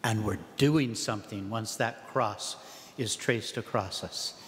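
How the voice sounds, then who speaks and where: A man giving a parish mission talk as an abbot, preaching in a lively way and acting out the prayers and the people in the pews. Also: fairly low pitch, unhurried, big-room sound. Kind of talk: sermon. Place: church.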